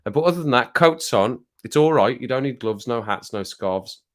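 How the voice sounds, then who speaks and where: A man's voice: medium pitch, expressive, moderate pace, a bit bright. A man hosting a casual livestream, reading out viewer comments in a rambling, jokey way and getting worked up now and then. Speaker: livestream host.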